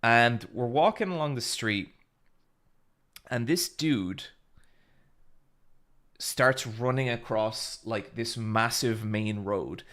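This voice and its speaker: A man chatting casually on his stream and telling a long anecdote. His voice is bright and forward. He rambles and fills gaps with "like" and "you know". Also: mid-range voice. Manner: rambling and animated, with swearing and filler words. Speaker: streamer host. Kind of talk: casual storytelling chat.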